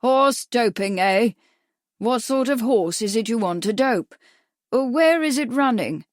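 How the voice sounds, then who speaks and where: A woman voicing a gruff, crafty, hard-of-hearing old male doctor who asks brusque, clipped questions. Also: a little high, lively intonation, measured pace, no echo, studio quality, voice pushed up.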